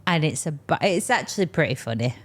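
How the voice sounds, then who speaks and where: A woman's voice: low voice, expressive, fast talker. A young English woman co-hosting a podcast in casual chat, teasing her husband and laughing often. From England. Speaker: podcast co-host.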